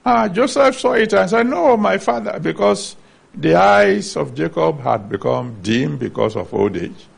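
A man's voice: on the high side, lively intonation, measured pace, vocal fry, slightly rough. A man preaching a sermon, earnestly teaching from the Bible and citing chapter and verse.

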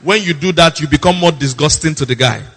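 A male pastor preaching with a bright, ringing voice that sits a little high. He is emphatic, repeats key lines for effect, and moves from quick asides to slow, pointed warnings. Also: long reverb tail. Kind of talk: sermon.

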